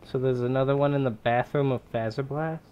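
A young man giving casual, rambling gameplay commentary, excitable and swearing now and then. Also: mid-range voice, a little fast, clean tone, dull audio, faint music behind. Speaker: gaming YouTuber.

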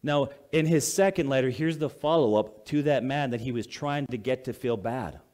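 A pastor preaching a sermon in a conversational way, reading scripture aloud, then explaining it plainly and asking the congregation questions. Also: male voice, medium pitch, moderate pace, a little mellow.

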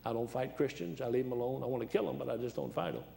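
A man's voice: mid-range voice, very fast, vocal fry, dark tone, a little hiss or hum. An older man preaching as a guest, telling folksy, rambling stories and laughing at them. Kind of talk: sermon with storytelling.

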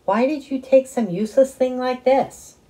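A woman's voice: high-pitched, normal speed, warm tone, voice pushed up, natural voice. A woman voicing a middle-aged father who speaks in a joking, puzzled way.

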